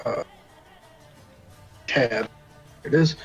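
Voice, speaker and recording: A man playing in a tabletop game, reacting loudly and with frustration as his character takes damage. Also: mid-range voice, extremely slow, creaky, husky, dull audio, soft background music. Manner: loud, exasperated reactions. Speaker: player. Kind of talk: casual chat at a game table.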